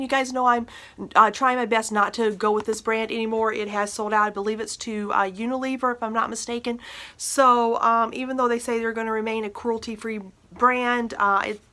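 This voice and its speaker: A woman's voice: a little high, bright, forceful tone. A middle-aged woman from northern Minnesota chatting casually through an honest product review, full of fillers and restarts. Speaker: beauty and household product vlogger.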